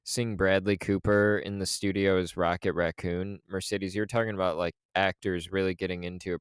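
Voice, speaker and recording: A male podcast co-host talks in loose, rambling stretches full of fillers. His voice sits a little low and sounds smooth. The recording is dry and close, with no room sound. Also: no echo. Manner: rambling, filler-heavy storytelling. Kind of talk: casual chat.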